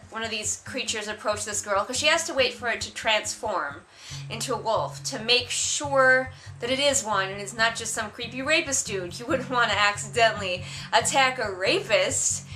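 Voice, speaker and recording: Sarcastic bright-voiced woman reviewer. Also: fairly high pitch. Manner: sarcastic, animated, exasperated. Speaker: book reviewer. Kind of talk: casual vlog review.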